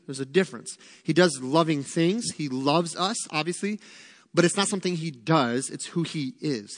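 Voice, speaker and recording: A man's voice: on the high side, normal speed. Man preaching in a reverberant hall. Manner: conversational, emphatic teaching with repetition. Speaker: pastor. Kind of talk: sermon.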